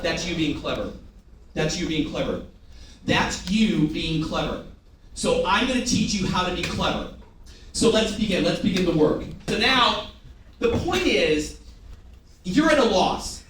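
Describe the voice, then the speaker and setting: A theatrical man running a sales training session, coaxing the room to chant lines back to him. His voice sits high for a man and is caught from across a very echoey room. Faint room hum runs behind him. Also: animated, moderate pace, fairly bright tone. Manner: theatrical, has the audience repeat phrases back. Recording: echoey room, picked up from a distance.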